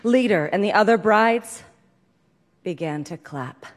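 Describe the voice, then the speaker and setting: A woman reading a comic story aloud with deadpan, dry timing. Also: mid-range voice, measured pace, background noise. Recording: long hall reverb.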